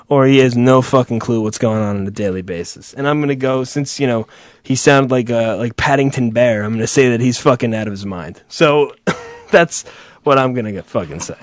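A man's voice: mid-range voice, dry recording. A man hosting a show, telling a rambling, profane story with frequent chuckles. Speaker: show host. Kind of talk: casual rambling monologue.

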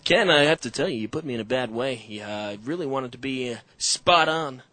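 A man's voice: medium pitch, lively intonation, fairly quick, sharp tone. A man in a casual chat with friends, joking, swearing freely and laughing often.

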